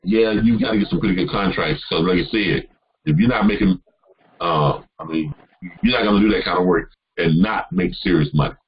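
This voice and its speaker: A man with a low, husky voice hosts a live call-in session and gives advice. He rambles and restarts often, full of "um" and "you know". The audio is dull and lo-fi. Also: a little fast. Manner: rambling, many fillers and restarts. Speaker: host answering caller questions.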